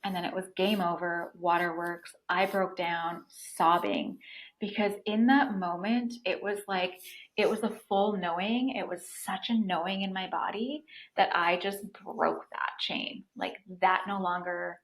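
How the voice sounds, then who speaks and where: A woman in her thirties telling her own story as a podcast guest, in an animated, casual way, with many "like" fillers. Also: on the low side, unhurried, low-quality recording. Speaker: podcast guest, breathwork facilitator.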